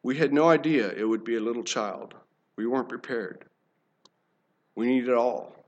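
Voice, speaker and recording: A man voicing a gray-haired old male doctor who speaks in a hushed, slow and somber way. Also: a little high, expressive, muffled recording, close to an everyday voice.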